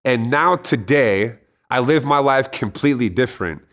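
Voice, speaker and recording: Man, mid-pitched, earnest testimony, casual and conversational, with restarts. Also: animated, moderate pace, fairly bright tone. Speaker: storyteller sharing a personal testimony.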